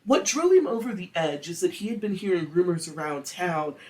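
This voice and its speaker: A podcast host telling a true-crime story in a casual, animated, crude way. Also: mid-range voice, fairly quick, distant mic. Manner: animated, crude, acts out quotes.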